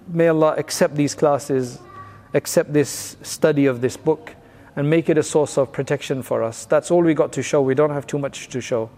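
A man's voice: fairly high pitch, darkish tone, big-room sound. A man giving a recorded religious class, explaining old narrations plainly and mixing in Arabic phrases. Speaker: religious teacher.

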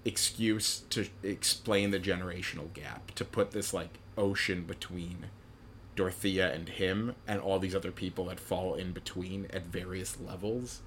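A man's voice: sits low, fairly even intonation, normal speed, fairly bright tone, a little hiss or hum. A young man in casual chat about a film, rambling with many fillers and acting out quotes. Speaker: podcast co-host discussing a film.

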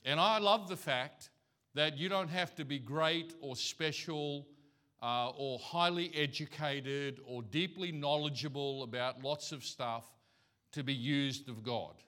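A man's voice: fairly high pitch, unhurried, pushed and bright. A male pastor giving a conversational sermon in church, telling folksy stories and anecdotes.

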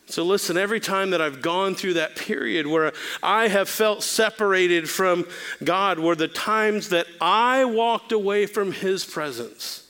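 A man's voice: high-pitched, unhurried, pushed and bright, smooth. A middle-aged male pastor giving a sermon-style talk, telling candid, self-deprecating stories with the odd filler.

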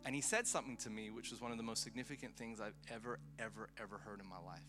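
A man preaching a storytelling sermon to a live congregation, animated and excitable, with chatty asides. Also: lowish voice, fast talker, over music. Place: live event before a congregation.

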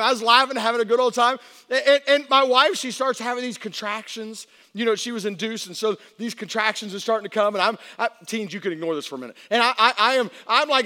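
Middle-aged male pastor, very high bright voice, animated storyteller, big reverberant hall. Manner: animated storyteller, acting out voices and shouting for effect. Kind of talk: sermon with a personal story. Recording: long reverb of a large hall.

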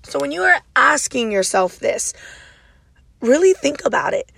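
A woman hosting a motivational podcast, loud and passionate, with a naturally raspy voice, speaking straight to her listeners. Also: high voice, sing-song, measured pace, no room sound. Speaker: podcast host.

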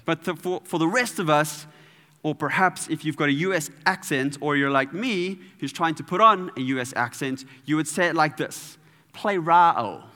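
A man preaching a sermon in a playful, animated way, sometimes adding sound effects. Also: fairly high pitch, moderate pace, in a large hall.

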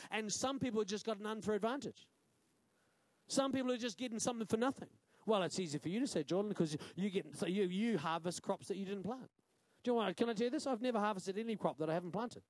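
A male pastor with a New Zealand accent preaching a sermon, punchy and quick to quiz the congregation with "right?". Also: high voice, no echo. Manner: punchy, asks the crowd "right?" often.

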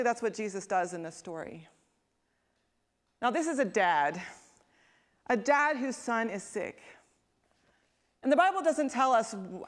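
Woman, preacher, conversational sermon, asks the room questions, goes quiet and soft for emphasis. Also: medium pitch. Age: adult parent. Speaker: pastor.

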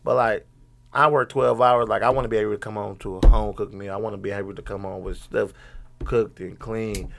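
Gravelly-voiced man telling stories. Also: fairly low pitch, brisk, slight background noise. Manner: slangy, profane, animated retelling. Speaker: father in a group chat. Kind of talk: casual banter, storytelling.

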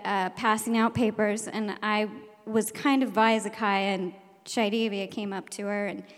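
A woman, a teacher, telling a personal story live on stage, animated and laughing, acting out the shouted lines. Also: a little high. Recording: long hall reverb.

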